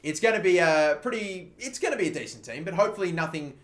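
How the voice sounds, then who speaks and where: A man in his twenties giving excitable live gameplay commentary, swearing freely and breaking into loud frustrated outbursts. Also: sits high, fast. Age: 20s. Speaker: gaming commentator. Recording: roomy echo.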